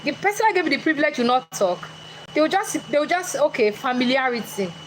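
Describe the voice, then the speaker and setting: Woman speaker, animated, high voice, noisy room recording, engages the crowd. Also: quick pace. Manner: animated, chatty, questions the audience directly. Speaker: motivational speaker. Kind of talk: motivational talk to a live audience.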